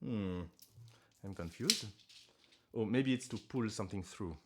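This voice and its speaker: Heavy background noise surrounds a man live-streaming casually from his living room in a fairly low voice at a measured pace. He rambles, jokes about himself and lets out sudden loud outbursts.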